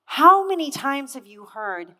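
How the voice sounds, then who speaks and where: A woman's voice: high voice, very animated, a little slow, sharp tone. A woman in her thirties giving a motivational keynote on stage, telling a story with energy and putting questions straight to the audience. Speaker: keynote speaker. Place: conference hall stage. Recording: echoey hall with long reverb.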